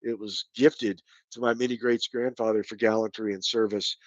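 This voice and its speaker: A man's voice: on the low side, steady tone, normal speed, dry recording, muffled recording. Rambling Kentucky-born man on a live chat. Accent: light Kentucky. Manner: rambling, folksy, thanks viewers by name. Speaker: channel host. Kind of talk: casual live stream chat.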